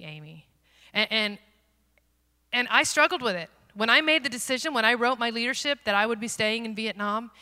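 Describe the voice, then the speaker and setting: A woman giving an earnest, self-deprecating testimony as a missionary speaker, swinging from loud to hushed. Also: medium pitch. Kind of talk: personal testimony sermon. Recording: long hall reverb.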